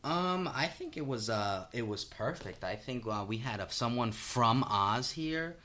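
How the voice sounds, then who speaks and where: Bright-voiced earnest improviser guest. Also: male voice, medium pitch, animated, unhurried. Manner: earnest, hesitant, with fillers. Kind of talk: casual comedy podcast chat.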